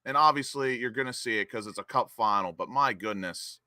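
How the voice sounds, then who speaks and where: Hosting a live football watch-along stream, a young man chats with viewers, reads out chat names, and cheers goals, erupting with excitement when the play picks up. His mid-range voice is bright, forward, and fairly quick, recorded close and dry.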